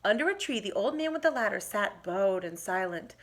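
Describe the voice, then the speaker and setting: A woman teacher reading a storybook aloud to young children, adding asides. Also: medium pitch. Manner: animated, expressive, pauses to comment.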